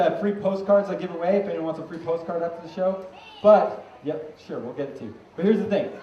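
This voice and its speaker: A man's voice: a little high, a little mellow, a little hiss or hum. A man from Maine doing a comedic juggling act for a fair crowd, teasing the audience and mocking himself. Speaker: juggling street performer. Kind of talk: comedic stage patter to a crowd. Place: outdoor fair stage. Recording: roomy, distant, muffled outdoor recording with faint ambience.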